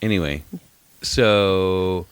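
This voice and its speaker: A man's voice: sits low, drawn-out words, smooth, no room sound. A middle-aged man co-hosting a podcast, telling a story in rambling casual chat, repeating himself and swearing now and then. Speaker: podcast co-host.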